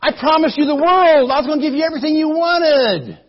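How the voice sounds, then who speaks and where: A man's voice: very high voice, brisk, dull audio, voice pushed up. A man playing a pushy, eager king. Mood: impatient. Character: eager, impatient male king.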